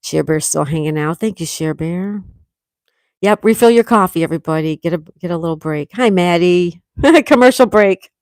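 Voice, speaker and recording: A woman's voice: on the low side, moderate pace, a little mellow, dry recording, clean studio sound. A woman hosting a casual morning livestream, reading viewer comments aloud and chatting, with a sore throat. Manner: chatty, reads out comments, frequent laughs. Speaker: livestream host reading chat. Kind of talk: casual live chat with viewers.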